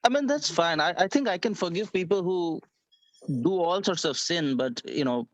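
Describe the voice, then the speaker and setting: A man's voice: high-pitched, animated, normal speed, no room sound. An earnest man joins an online spiritual class, picking up speed when he argues a point. His voice comes through dry and a little dull, like a lo-fi call. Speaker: class participant. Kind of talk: class discussion and poetry reading.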